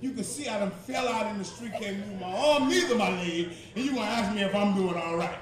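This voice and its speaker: Preacher doing stubborn old guy who cant stop laughing, high voice, echoey hall, crowd around. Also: a little fast, lightly acted. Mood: scornful. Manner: folksy, indignant then giddy. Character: old man laughing through a stroke, stubborn and merry. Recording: echoey hall, mic far off, congregation.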